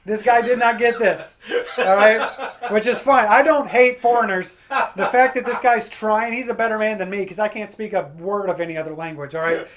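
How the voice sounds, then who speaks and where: Against a crowd in the background, an American stand-up comedian with a high voice speaks a little fast. He tells a profane, ranting story, acting out his angry phone calls.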